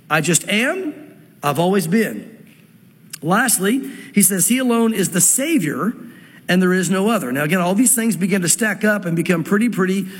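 Male pastor preaching, husky voice, slow scripture reading with quick asides, echoing church hall. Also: sits high. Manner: reads scripture slowly, then explains it in quick asides. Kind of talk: sermon.

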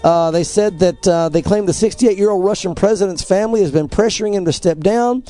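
High-voiced earnest preaching man. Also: a little fast, dark tone, faint music behind. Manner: emphatic, earnest, quotes scripture and articles. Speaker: pastor, co-host. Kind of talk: preaching-style news commentary.

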